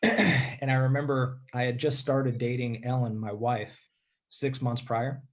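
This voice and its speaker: A man's voice: medium pitch, fairly even intonation, a little slow. Candid, rambling man telling his story. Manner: candid, rambling, frequent "like" and "dude", clears throat often. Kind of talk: casual storytelling.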